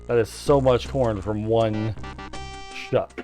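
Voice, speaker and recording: A man's voice: fairly low pitch, fairly even intonation, slow pace, dark tone, faint music behind. A man casually commenting as he plays a video game, chatty and amused. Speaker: let's play host.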